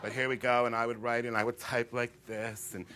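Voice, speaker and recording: A man doing comedic storytelling, campy and animated, acting out voices. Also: mid-range voice, brisk, crowd noise.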